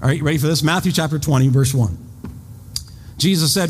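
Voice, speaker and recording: A man's voice: fairly high pitch, fast talker, long pauses, husky. A man preaching a sermon, telling a story with rhetorical questions and acting out his own outrage. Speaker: pastor. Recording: long hall reverb.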